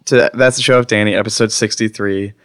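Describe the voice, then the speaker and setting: A man's voice: fairly low pitch, steady tone, a little fast, a bit bright, clean tone, no room sound, studio quality. A man hosting a casual comedy podcast, talking in a playful, jokey way with mock-announcer flourishes. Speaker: podcast host.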